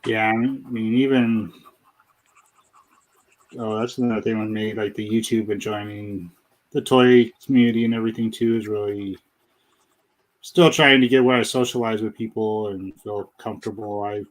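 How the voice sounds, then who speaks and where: A man's voice: fairly low pitch, fairly even intonation, normal speed, poor audio. A man guest talking candidly about his life in a nervous, self-deprecating way. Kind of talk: casual personal conversation.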